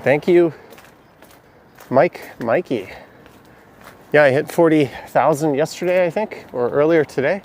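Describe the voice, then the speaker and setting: A man's voice: fairly high pitch, a little slow, long pauses, darkish tone, slight background noise. A man, walking city alleys at night on a live stream, chatting and answering viewers' questions as he goes. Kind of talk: casual live-stream narration reading chat.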